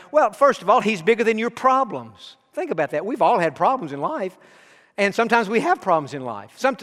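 A man's voice: high voice, a bit bright, in a large hall. A middle-aged man preaching a sermon as pastor, earnest and personal, telling stories from his own life. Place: church sanctuary.

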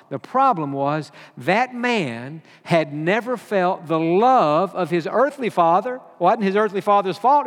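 A man with a high voice preaches a sermon, telling a long story at an unhurried pace. He slows and drops quiet when quoting others, and repeats words as he goes. His voice rings through a church hall with a long reverb. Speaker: pastor.

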